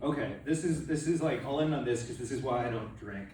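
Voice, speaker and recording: A man's voice: mid-range voice, fairly quick, a little hiss or hum. A man doing a stand-up comedy set, rambling and self-deprecating, often trailing off mid-thought. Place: comedy club with live audience. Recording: echoey room, mic from a distance, loud crowd laughter.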